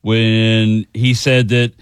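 A man's voice: lowish voice, level tone, very slow, clear, resonant tone, no echo. A man in his forties, a radio co-host, telling a funny story in casual banter and mimicking other voices.

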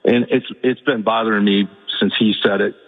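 A male radio caller from Michigan with a husky voice, telling a personal story in a halting, emotional way with repeated words. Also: fairly low pitch, steady tone, faint music behind. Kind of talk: call-in radio talk. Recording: tinny phone line with long reverb.

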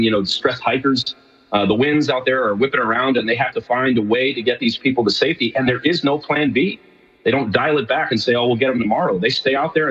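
A middle-aged man from New York rattles along quickly in a husky voice, full of fillers and restarts. His remote line sounds dull and carries a long, hollow reverb. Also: mid-range voice, a bit bright. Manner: rambling, many fillers and restarts. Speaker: guest, show co-host. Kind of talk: casual radio interview.

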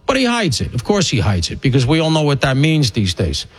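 A middle-aged man hosting a talk radio show, delivering an opinionated monologue in a conversational way that wanders off on tangents as he thinks aloud. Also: a little fast. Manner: animated and conversational, swinging pitch widely for emphasis. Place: broadcast studio.

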